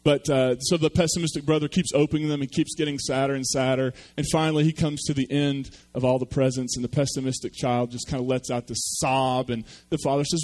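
A man's voice: medium pitch, fairly even intonation, a little fast, hardly any pauses, darkish tone. A man preaching a sermon, telling a story with self-deprecating humor. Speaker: pastor.

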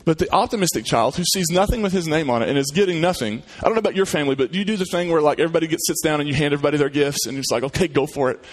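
A man's voice: a little high, very fast, hardly any pauses. Conversational male pastor preaching. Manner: conversational storyteller with repeated restarts. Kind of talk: sermon and prayer.

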